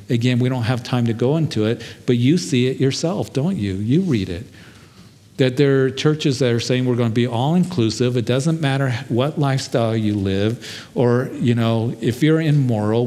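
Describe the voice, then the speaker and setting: Brief: male pastor, earnest sermon storytelling, mid-pitched voice, long hall reverb. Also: mellow. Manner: earnest storytelling, shifting pace, frequent fillers.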